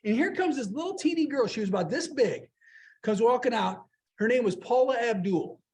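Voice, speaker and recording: A middle-aged man giving a storytelling speech at a club meeting, lively and anecdotal, acting out the people in his stories. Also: extremely high pitch, normal speed, a little hiss or hum. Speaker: guest speaker. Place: meeting room.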